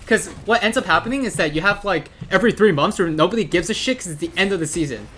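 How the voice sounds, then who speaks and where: A man's voice: sits high, fast, fairly bright tone, a little hiss or hum. A man giving blunt, profane gameplay commentary and ranting advice about ranked play. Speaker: gaming content creator.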